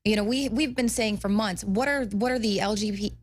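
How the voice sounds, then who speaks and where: A woman's voice: medium pitch, fairly quick. A woman reporter co-hosting a talk show, speaking in a frustrated, indignant tone. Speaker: reporter and co-host.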